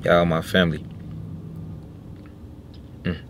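A man's voice: low voice, little pitch movement, slow. A young man from Little Rock, Arkansas, talking casually and reflectively to his viewers as a vlogger, with slang. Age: 20s. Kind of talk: casual vlog talk to viewers. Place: inside a car. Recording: noisy car interior.

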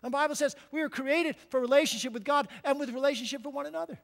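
A male pastor preaching a conversational sermon, repeating words and checking in with "right?", moving between quiet and loud emphatic passages. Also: very high voice, quick pace, gravelly, in a large hall. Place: church sanctuary.

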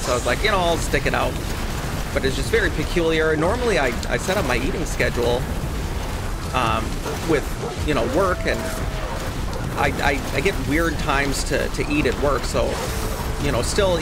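A man's voice: mid-range voice, very noisy. A man hosting his gaming channel, casually commentating gameplay in a rambling, chatty way and swearing freely.

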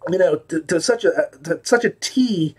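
A man's voice: high-pitched, expressive, moderate pace, slightly rough. A man hosting his own audiobook review podcast, talking casually and rambling with lots of fillers and restarts.

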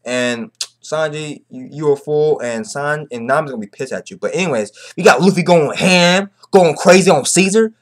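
A young man giving a casual, slang-heavy chapter recap, excitable and repetitive. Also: on the high side, normal speed. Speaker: manga reviewer.

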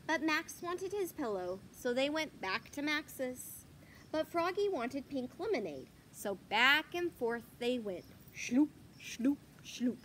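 A woman reading a children's picture book aloud, animated and asking the listener questions. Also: high-pitched, a little slow, slight background noise. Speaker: storyteller.

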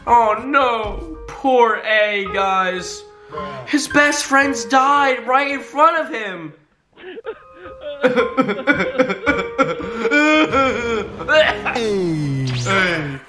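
A young man hosting a reaction video, excitable and exclaiming often, constantly addressing his viewers. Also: very high-pitched, extremely slow. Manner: excitable, exclaims often, keeps saying "guys". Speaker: reaction channel host. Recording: background music under voice.

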